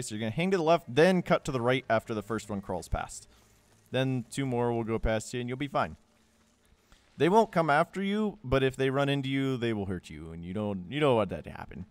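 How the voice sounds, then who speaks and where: A man's voice: medium pitch, no room sound. A young man giving a casual, joking game walkthrough voice-over, rambling with sarcastic asides. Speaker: gameplay guide narrator.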